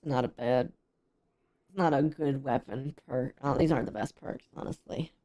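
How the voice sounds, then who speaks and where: A woman streamer chatting casually over her gameplay, rambling with frequent ums, and sounding unwell and low on energy. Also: normal speed, mellow.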